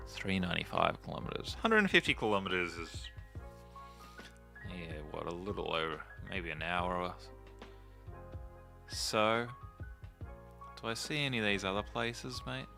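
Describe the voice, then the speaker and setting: A man's voice: low-pitched, very animated, a little slow, gravelly, long pauses, sharp tone, faint music behind. A man chatting and joking casually while playing a game, rambling into stories as he goes. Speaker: gaming video host. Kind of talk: casual gameplay commentary.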